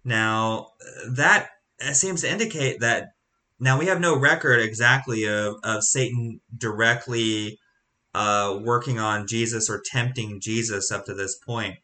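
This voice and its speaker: A man leading a Bible study in a halting, conversational way, full of restarts and rhetorical questions. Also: medium pitch, sharp tone. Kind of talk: casual Bible teaching.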